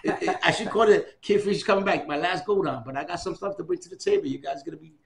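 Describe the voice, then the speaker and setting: A man in his fifties in an oral history interview, talking in an excitable, repetitive way and giving out many shout-outs. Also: fairly high pitch, quick pace, vocal fry. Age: 50s.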